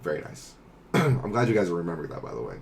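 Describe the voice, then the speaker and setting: A man narrating as game master of a tabletop game, explaining rules and scenes in a halting way full of fillers. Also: sits low, very animated, vocal fry, over loud music.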